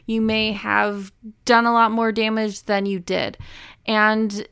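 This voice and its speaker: A young adult woman hosting a podcast, speaking earnestly and emotionally in a personal monologue with halting restarts. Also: medium pitch, flat delivery, creaky, fairly bright tone, clean tone, no echo, clean studio sound. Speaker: podcast host.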